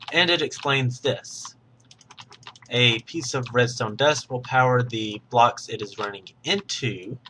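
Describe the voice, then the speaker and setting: A man's voice: mid-range voice, sharp tone, slight background noise. A man patiently explaining game mechanics step by step while recording his screen, sometimes correcting himself mid-sentence. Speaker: tutorial host.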